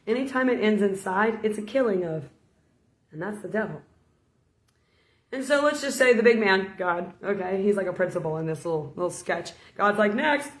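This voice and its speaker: A woman's voice: mid-range voice, normal speed. Brief: woman preacher, casual storytelling sermon, playful delivery; roomy, echoey recording. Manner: storytelling, playful, laughs between points. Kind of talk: informal sermon vlog.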